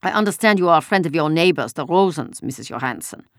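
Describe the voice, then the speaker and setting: Lady reading out a barking soldier guy, harsh and loud, pitched up, dry sound. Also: brisk, no room sound, close to an everyday voice. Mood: demanding.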